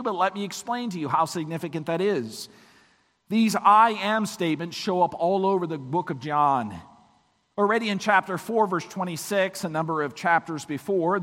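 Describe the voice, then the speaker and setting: A man with a high voice preaches in a church sanctuary, his sound trailing into a long reverb. His voice is weak this morning, yet he swings from hushed, low passages to emphatic, ringing peaks. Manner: dramatic swings from quiet to emphatic. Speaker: pastor. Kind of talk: sermon.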